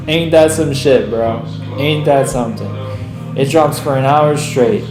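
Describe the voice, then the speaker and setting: A man live-streams his day trades, speaking unhurriedly at medium pitch as he rants in an exasperated, profane way and says "bro" constantly. The room is echoey, with music playing in the background.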